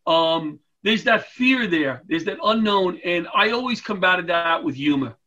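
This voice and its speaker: Middle-aged man, high bright voice, animated comic storyteller, video call. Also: a little slow, muffled recording. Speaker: guest, retired firefighter and comedian. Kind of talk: storytelling interview chat.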